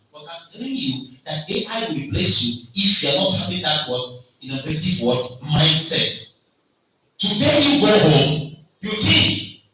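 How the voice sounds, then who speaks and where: An African man giving a loud, emphatic motivational lecture at a conference, quizzing the audience with call-and-response questions. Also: on the high side. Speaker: conference speaker. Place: large lecture hall. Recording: echoey hall, mic far off, faint noise.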